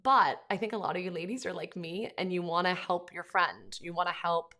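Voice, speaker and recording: A woman's voice: on the low side, expressive, a little fast, pushed and bright. A woman in her thirties hosting a casual faith podcast, talking straight to listeners in a chatty way with many fillers, and reading out their comments. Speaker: podcast host.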